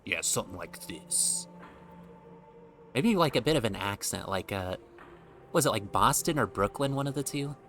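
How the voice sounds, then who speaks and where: A man's voice: medium pitch, animated, fairly quick, a bit bright, faint music behind. A young man streaming a game, chatty and self-mocking, with casual commentary.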